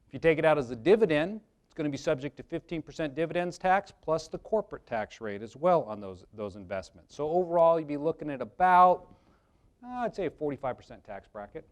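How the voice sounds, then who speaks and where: Presenting a live workshop, a man talks conversationally to his audience and tells jokey anecdotes about insurance. His voice is a little high and a little fast, with lively intonation.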